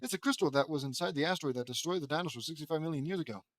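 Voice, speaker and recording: A man's voice: on the high side, racing, dry recording, close to an everyday voice. A man reading the lines of a brave winged young heroine in a fan story. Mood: earnest.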